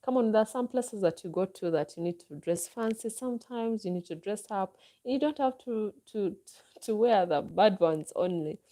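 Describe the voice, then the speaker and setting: A woman's voice: medium pitch, animated, normal speed, mellow. A Ugandan woman vlogger with a Ugandan accent, chatting unhurriedly as she answers viewer comments and gives advice. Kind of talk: live stream chat, answering viewer comments.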